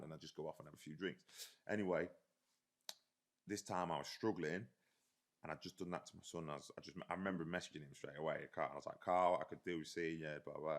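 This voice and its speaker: A man, an army veteran, telling stories in a casual, rambling way and swearing freely. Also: deep voice. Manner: rambling, swears freely, often says "do you know what I mean". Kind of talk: casual storytelling in a podcast chat.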